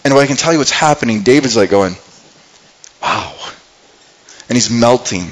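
A man's voice: mid-range voice, animated, fast talker, rough recording. A man preaching a sermon, retelling a scripture story in casual everyday speech, earnest and full of restarts. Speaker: pastor.

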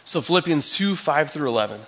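A man's voice: on the high side, animated, a little fast, fairly bright tone, highs cut off. A male pastor giving a sermon in a conversational, storytelling way, acting out scenes for his listeners.

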